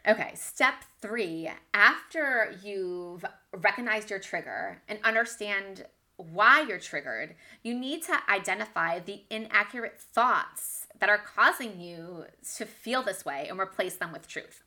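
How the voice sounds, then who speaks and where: A woman delivers a devotional teaching talk in a bright, clear-toned voice. She speaks candidly and conversationally, often laughing at herself. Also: mid-range voice, animated, a little slow. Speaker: Bible teacher for Christian moms.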